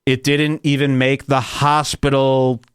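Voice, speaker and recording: A man's voice: medium pitch, flat delivery, measured pace, clear, resonant tone, no room sound, clean studio sound. A man hosting a comedy podcast, ranting in a crude, emphatic way. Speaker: podcast host. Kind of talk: comedic rant.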